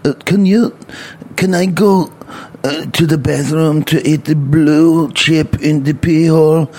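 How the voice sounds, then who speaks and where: A man's voice: on the high side, steady tone, slow pace, darkish tone, slight background noise, voice pushed up. A man voicing a childish grown man who whines and pleads with his mother in a babyish way. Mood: whiny pleading.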